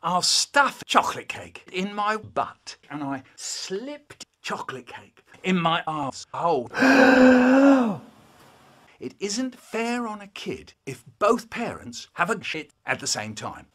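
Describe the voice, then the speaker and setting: A man telling children's stories, spliced into a comedy remix, with animated delivery, sudden shouts and silly voices. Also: a little high, unhurried, few pauses. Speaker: children's poet reading stories.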